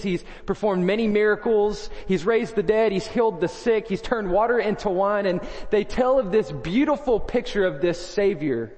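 A man preaching a sermon, earnest, dropping low and soft on key lines and acting out the voices he quotes. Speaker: pastor. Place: church sanctuary. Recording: long hall reverb.

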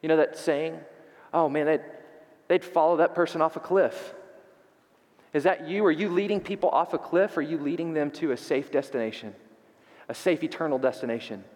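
A man's voice: on the high side, moderate pace, a little mellow, big-room sound. A man preaching a sermon as pastor, emphatic and fond of repeating rhetorical questions, in a church sanctuary.

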